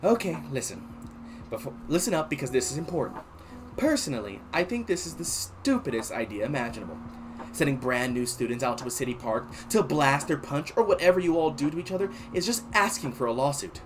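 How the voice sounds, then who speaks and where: A man doing a bossy female professor in a read-aloud story game, her voice sitting a little above his own. She snaps out rules briskly and exasperatedly, swinging between notes in a lively way over faint background music. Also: fairly high pitch, close to an everyday voice. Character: stern fussy female college professor.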